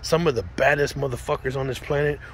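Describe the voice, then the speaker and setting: A man talks bluntly and profanely in a casual outdoor monologue, stumbling over restarts and acting out quoted asides. His voice sits at an ordinary middle pitch. Faint street and traffic noise runs behind him. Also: fairly even intonation, quick pace, a bit bright. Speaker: vlogger telling his own story.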